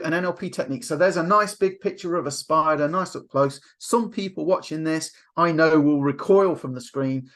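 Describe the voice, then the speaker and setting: Animated man coaching on mindset. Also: on the high side. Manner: animated storyteller, acts out quotes. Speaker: NLP coach. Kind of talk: motivational webinar talk.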